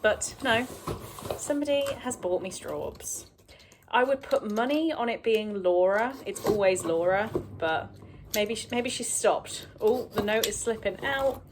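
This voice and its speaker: A woman's voice: medium pitch, animated, measured pace, noisy background. A woman vlogging casually about her books and her week at home, chatty and rambling, with fillers. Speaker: book vlogger. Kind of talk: casual chat.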